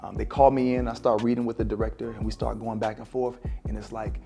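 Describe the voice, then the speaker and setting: A man's voice: mid-range voice, flat delivery, quick pace, vocal fry. A man in his forties, an actor and former teacher, speaking in a sit-down interview in a reflective, spiritual, casual way with many fillers. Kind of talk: sit-down interview, talking to camera. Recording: music playing underneath.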